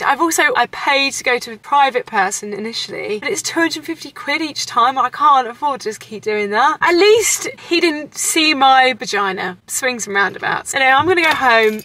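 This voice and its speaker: British girl in her 20s vlogging, chatty and a bit anxious, bright voice on the higher side. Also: animated, brisk, few pauses. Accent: British English. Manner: chatty, self-deprecating, anxious rambling. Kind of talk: casual vlog chat to camera.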